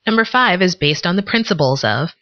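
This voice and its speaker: Low-voiced woman teaching vocabulary. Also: expressive, noisy background. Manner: measured, explains words with examples. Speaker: podcast co-host. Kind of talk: scripted vocabulary lesson. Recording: dull lo-fi recording.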